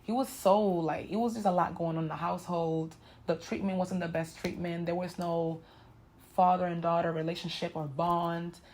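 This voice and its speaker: Woman in her twenties, vlogger, candid and emotional, slightly low voice, speaks straight to her viewers. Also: fairly even intonation, normal speed, darkish tone. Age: 20s. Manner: emotional, frank, talks straight to viewers with "y'all" and "you know". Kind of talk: candid personal story told to camera.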